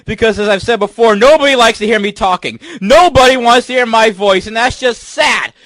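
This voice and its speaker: High-pitched man ranting and panicking. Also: brisk, dry recording. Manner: panicky, ranting, swearing, shouting. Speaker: radio show host. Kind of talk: comedic radio rant.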